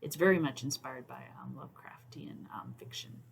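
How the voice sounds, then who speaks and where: A YouTube host speaks casually to camera in a very deep, gravelly voice at a moderate pace. She's thoughtful, says "um" a lot, and now and then drops almost to a whisper.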